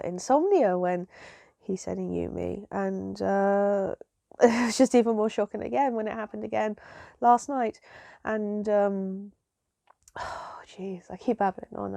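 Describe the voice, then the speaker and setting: Gravelly-voiced woman, rambling vlog chat. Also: mid-range voice, warm tone, no echo. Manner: rambling and emotional, with many fillers and restarts. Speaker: vlogger. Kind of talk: casual chat.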